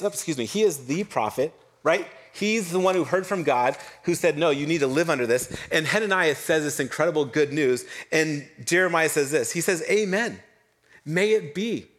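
A middle-aged man preaching a sermon, telling a Bible story with lively voiced quotes and dropping to soft, low tones for emphasis. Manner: animated storytelling, voicing biblical figures, drops to soft low tones for emphasis. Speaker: pastor.

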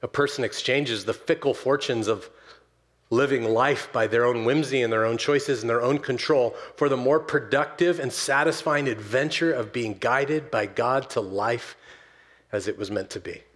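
His mid-range voice rising to loud, emphatic stresses and falling to soft, slow closing words, a pastor preaches a sermon to his church. The setting is a church sanctuary.

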